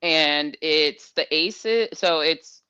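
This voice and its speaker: A woman co-hosting a casual sports chat, relaxed and joking as she thinks aloud. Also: low-pitched, extremely slow, clear, resonant tone. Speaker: co-host. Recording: dull lo-fi sound.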